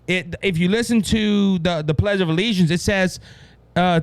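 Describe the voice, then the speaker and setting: A man with a Cajun Louisiana accent hosting a solo political show, emphatic and repeating "ladies and gentlemen" with frequent restarts. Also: sits high, moderate pace, clean tone, no echo. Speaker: political podcast host.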